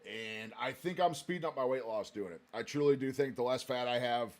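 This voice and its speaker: A man's voice: mid-range voice, animated, fast, hardly any pauses. A man hosting a weight-loss vlog, chatting casually about his own progress and struggles. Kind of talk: casual commentary.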